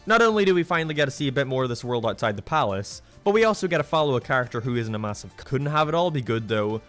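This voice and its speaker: A man's voice: mid-range voice, fairly bright tone. A man delivering a sarcastic, profane rant as a cartoon reviewer. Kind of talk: ranting review commentary.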